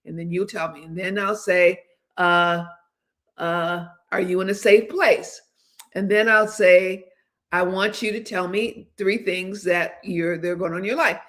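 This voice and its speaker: A woman's voice: lowish voice, fairly even intonation, measured pace, a bit bright. A woman in her seventies, hosting a livestream and chatting candidly in a rambling way, with many fillers and restarts. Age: 70s. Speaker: host. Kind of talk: casual livestream chat.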